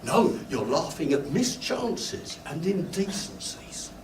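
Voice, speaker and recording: A man's voice: on the high side, big pitch swings, slow pace. An older British man giving a university lecture, animatedly telling stories and acting out his own embarrassed asides. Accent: British English. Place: lecture hall. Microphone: room recording from a distance. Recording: echoey lecture hall, distant mic, faint noise. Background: student laughter.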